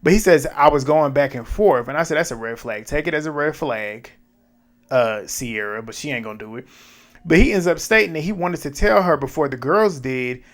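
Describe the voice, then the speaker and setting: A man casually recapping a reality dating show, retelling scenes with lively quoted dialogue and blunt asides. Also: a little high, brisk. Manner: animated retelling with quoted back-and-forth and asides.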